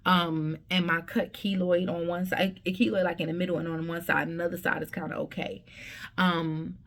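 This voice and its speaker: Low-voiced woman telling a story. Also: flat delivery, moderate pace, fairly bright tone. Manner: conversational, tag questions and restarts. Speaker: vlogger. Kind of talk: casual storytelling.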